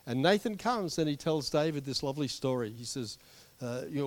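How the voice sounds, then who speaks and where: A male pastor preaching in a relaxed, conversational way, and he often breaks into animated storytelling. His voice sits at a mid pitch, and he adds friendly asides to the congregation. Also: fairly quick. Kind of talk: sermon.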